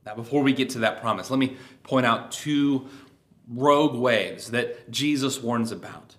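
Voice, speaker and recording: A man preaching a sermon in a steady, middle-pitched voice. He reads scripture in a measured way and lets the ends of his phrases drop quietly. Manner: measured reading with falling phrase endings. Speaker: pastor.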